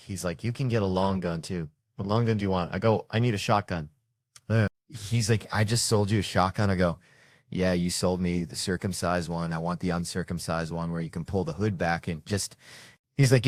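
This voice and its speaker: A man with a low voice talks a little fast in a clean studio recording with no room sound. He does stand-up storytelling, spinning profane, rambling comic anecdotes and voicing the people in them with quoted lines.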